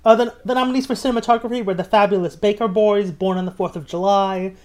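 A man hosting a casual film podcast, reading out award nominees with dry, deadpan jokes. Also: high voice, fast. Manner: wry, deadpan jokes, reads out lists. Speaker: podcast host.

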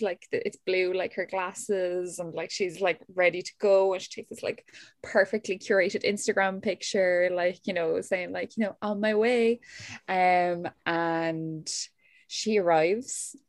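Lower-voiced woman, dry sound. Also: no room sound. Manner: chatty book summary, full of "like". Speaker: podcast co-host. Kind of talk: casual chat.

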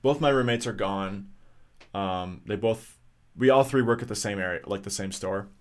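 A man's voice: fairly low pitch, normal speed. A young man casually telling a rambling story on a podcast, swearing often and full of fillers and restarts. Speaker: podcast co-host.

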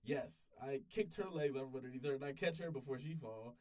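A man's voice: medium pitch, fairly quick, a little mellow, recorded from a distance. Brief: young man in his 20s, rambling profane storyteller, voice set back from the mic. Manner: rambling, profane, with many restarts. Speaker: podcast storyteller. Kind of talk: casual storytelling chat.

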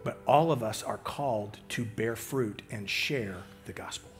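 Preaching over faint background music, this pastor has a male voice on the low side. His delivery lurches from emphatic loudness to hushed whispers, stumbling and restarting at times.

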